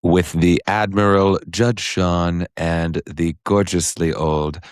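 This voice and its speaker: A man co-hosting a podcast, chatting casually and joking in quick bursts. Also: low-pitched, level tone, smooth, no room sound, studio quality. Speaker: podcast co-host. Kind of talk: casual chat.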